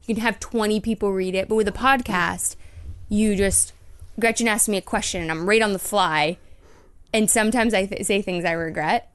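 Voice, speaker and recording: A woman's voice: medium pitch, steady tone, moderate pace, a bit bright, clear, resonant tone, no echo. A woman co-hosting a podcast, an academic who asks long, thoughtful, rambling questions. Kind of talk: casual podcast interview.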